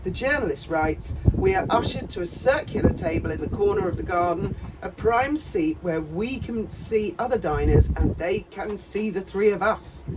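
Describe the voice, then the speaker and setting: A woman's voice: mid-range voice, recorded from a distance, background noise. A middle-aged woman, giving a sarcastic, profane commentary with laughing asides. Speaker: commentary channel host. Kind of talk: casual commentary.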